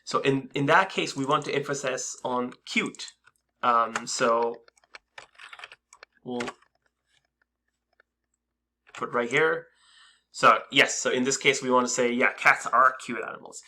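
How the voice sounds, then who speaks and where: A man's voice: mid-range voice, takes it slowly, pauses often, bright, forceful tone, a little hiss or hum. A man teaching a screen-recorded coding lesson in a casual, hesitant way, with many fillers and restarts. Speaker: coding instructor.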